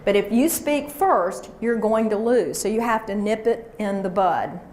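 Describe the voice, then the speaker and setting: A woman's voice: medium pitch, a little slow, darkish tone, a little hiss or hum. A woman leading a workshop, coaching a live audience with energy and call-and-response chants. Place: large room with an audience. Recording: echoey room recording.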